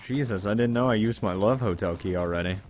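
A man's voice: fairly low pitch, quick pace, faint music behind. A man commentating a video game playthrough, reading the characters' lines aloud and breaking off into profane, frustrated asides. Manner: animated voice shifts between characters. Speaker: let's play host.

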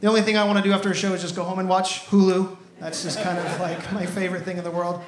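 A man's voice: high-pitched, flat delivery, fast, crowd noise. A man in his thirties performing an upbeat stand-up comedy set on stage. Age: 30s. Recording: echoey stage sound.

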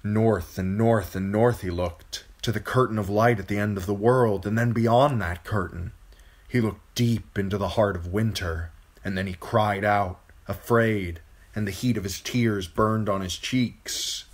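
A man reading a fantasy novel aloud as an amateur narrator, with expressive, dramatic storytelling. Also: fairly low pitch, unhurried. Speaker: hobby audiobook reader.

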